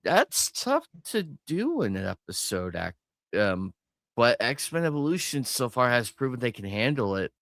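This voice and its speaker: A man's voice: medium pitch, big pitch swings, unhurried, a bit bright, no echo, clean studio sound. A man co-hosting a watch party stream, chatting enthusiastically about cartoon episodes, laughing easily. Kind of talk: casual chat reviewing cartoon episodes.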